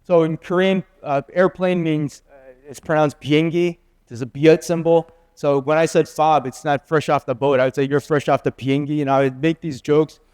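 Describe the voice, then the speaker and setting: A man in his fifties delivers a sermon as a guest preacher, telling a personal story slowly and earnestly. His voice is smooth and a little high. The sound is close and dry, with no room around it. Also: fairly even intonation, darkish tone, no room sound. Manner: earnest, slow confessional storytelling.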